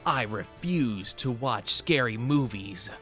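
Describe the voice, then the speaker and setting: A man's voice: medium pitch, expressive, slow pace, sharp tone, soft background music, voice pushed down. A man doing a timid edgy skeleton meme.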